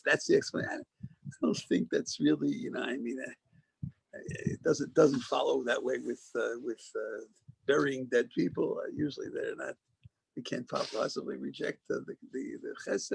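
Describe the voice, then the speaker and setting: A man's voice: mid-range voice, vocal fry, husky, dry recording, poor audio. A man giving an informal, conversational Torah lecture as a rabbi, discursive and often restarting phrases for emphasis. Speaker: rabbi teaching a class.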